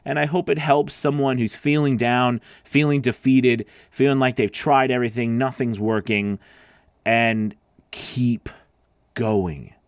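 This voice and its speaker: A man's voice: medium pitch, steady tone, a little slow, clear, resonant tone, dry recording, clean studio sound. A man hosting a live voice-over Q&A, earnest and encouraging, rambling with fillers as he answers viewers. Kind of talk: motivational live stream chat.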